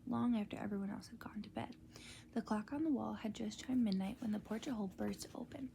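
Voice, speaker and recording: A woman reading a storybook aloud in a soft, unvoiced ASMR whisper. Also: medium pitch, gravelly, slight background noise.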